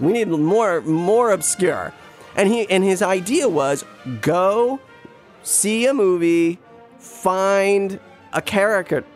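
A man chatting casually and telling an anecdote, rambling with restarts and jumping into quick impressions of other people. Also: a little high. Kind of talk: casual storytelling chat.

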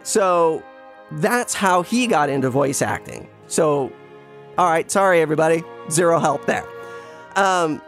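A man chatting casually and telling an anecdote, rambling with restarts and jumping into quick impressions of other people. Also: on the high side, animated, fairly bright tone, soft background music. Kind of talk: casual storytelling chat.

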